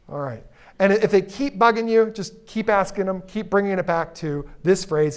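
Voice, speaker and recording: A man giving a live keynote talk on stage, energetic and playful, teasing and drawing responses from his audience. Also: on the high side, moderate pace. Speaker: keynote speaker. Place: conference stage before an audience.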